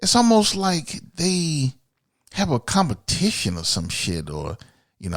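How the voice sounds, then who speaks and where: Gravelly, blunt-talking man from Miami. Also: on the high side, wildly swooping pitch, unhurried, dry recording, studio quality. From Miami, USA. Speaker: podcast host. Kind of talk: opinionated solo podcast monologue.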